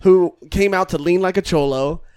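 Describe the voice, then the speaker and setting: A man's voice: high-pitched, moderate pace, a little mellow, smooth. A man co-hosting a comedy podcast, joking around and telling stories with animation. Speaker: podcast co-host. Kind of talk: casual comedic podcast banter.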